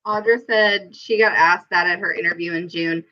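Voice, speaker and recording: A woman hosting a live stream, chatting casually and telling stories in a giggly, animated way over a video call. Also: lowish voice, moderate pace, lo-fi sound. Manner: giggly, animated storytelling with quoted asides. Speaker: host.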